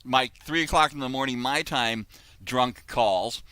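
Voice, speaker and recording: A bright-toned American man tells a story in loose, rambling chat with plenty of restarts. His voice comes through crisp and clear. The sound is dry and close, as on a video call. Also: mid-range voice, measured pace, dry recording. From United States. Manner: rambling, full of restarts and asides. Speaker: author and host.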